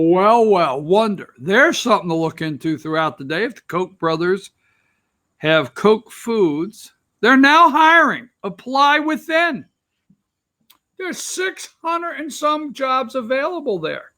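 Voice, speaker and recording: A man's voice: high-pitched, a bit bright. A man hosting a political opinion show, talking straight to viewers in a rambling, sarcastic way. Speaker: political talk show host. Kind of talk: opinionated commentary.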